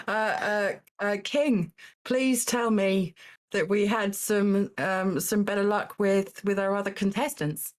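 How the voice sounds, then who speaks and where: A woman hosting a charity live stream in casual banter, often halting and repeating words as she thinks. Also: mid-range voice. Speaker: host of a charity stream event.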